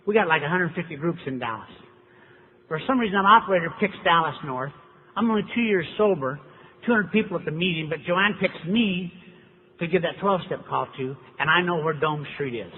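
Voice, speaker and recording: A man's voice: a little high, animated, a little fast. A middle-aged man, speaking at a recovery meeting and telling his story with wry rhetorical questions. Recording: tinny, echoey hall recording with faint hiss.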